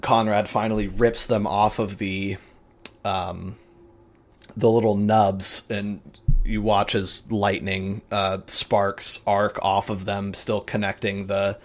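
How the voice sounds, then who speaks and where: A man runs a tabletop game, narrating in a relaxed, profane, vivid way. His voice sits low and he takes his time. He fills the pauses with ums and uhs. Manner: casual, vivid and profane, with many fillers. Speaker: game master.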